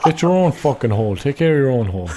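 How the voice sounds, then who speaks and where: An Irish man playing a video game with friends, shouting and swearing in casual chat. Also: medium pitch, big pitch swings, racing, background noise. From Ireland. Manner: loud, swearing, yelling and squealing. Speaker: gaming YouTuber. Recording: game music over the voice.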